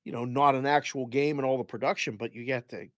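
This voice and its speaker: A man co-hosting a sports talk show in casual chat, jumping in eagerly with questions and quick reactions. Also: mid-range voice, fairly even intonation, dry recording, studio quality.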